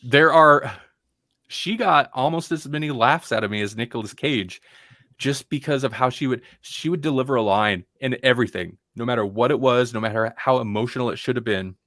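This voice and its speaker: A man's voice: mid-range voice, a little fast, a bit bright, no room sound, studio quality. A man co-hosting a podcast, reviewing a film in casual, rambling chat with lots of restarts. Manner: rambling, restarts often, puts on dull voices to mock actors. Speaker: podcast co-host.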